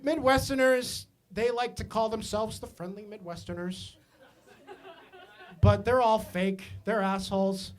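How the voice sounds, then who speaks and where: A man from Maine telling stand-up comedy stories, animated and self-mocking, with asides to the audience. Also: sits high, measured pace, soft background music. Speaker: stand-up comic.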